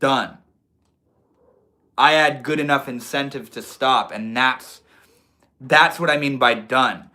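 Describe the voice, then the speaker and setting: A man's voice: mid-range voice, slow pace, pauses often, sharp tone. A young man hosting a live stream in a casual, laid-back way, reading out and answering chat comments with lots of slang and swearing. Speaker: livestream host.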